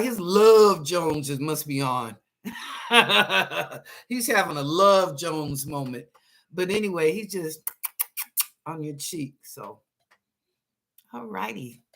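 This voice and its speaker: A psychic reader hosting a live show, giving quick readings to viewers in a folksy, chatty, reassuring way and laughing often. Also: mid-range voice, fairly bright tone.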